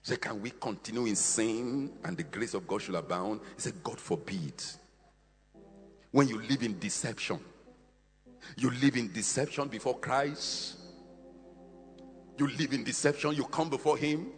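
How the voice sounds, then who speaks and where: A man preaching a fiery sermon, swinging between shouted, half-sung peaks and quieter, slower stretches. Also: mid-range voice, breathy edge, long reverb tail, soft background music.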